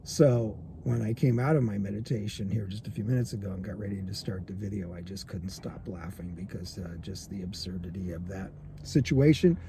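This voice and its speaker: A man's voice: lowish voice, brisk, gravelly, few pauses, noisy background. A man in a parked car telling a rambling story for his meditation vlog, chuckling often and restarting his sentences. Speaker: meditation teacher.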